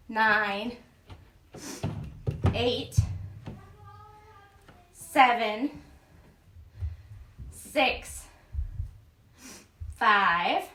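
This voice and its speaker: A mom leads a casual workout in a room at home, chatty and upbeat as she counts reps out loud. Her voice sits high, sounding pushed and bright. The room is echoey and she seems to be some distance from the mic.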